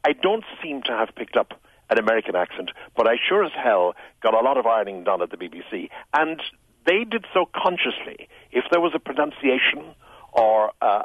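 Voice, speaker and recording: An older man from Ireland with a soft Irish accent, smoothed by years in London, speaking as a radio guest in a reflective, musical way. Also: medium pitch, very animated, brisk, no echo, narrow, tinny audio. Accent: Irish, Tipperary, smoothed by years in London. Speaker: radio show guest, writer. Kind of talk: relaxed radio conversation.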